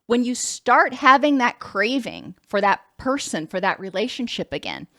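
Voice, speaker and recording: A woman's voice: on the high side, big pitch swings, normal speed, sharp tone, dry recording, clean studio sound. A woman counselor giving a conversational lecture, sometimes stopping to correct herself. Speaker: licensed counselor.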